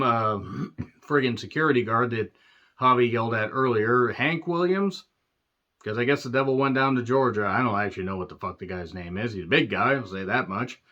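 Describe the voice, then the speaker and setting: A man's voice: medium pitch, bright, forceful tone, dull audio. A man reviewing a wrestling show in a sarcastic, profane, exasperated rant.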